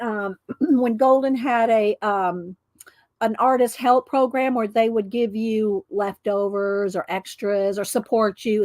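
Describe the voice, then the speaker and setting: There's no echo on this woman's slightly high voice. As host of an art livestream, she chats casually and wanders from point to point while thanking viewers by name.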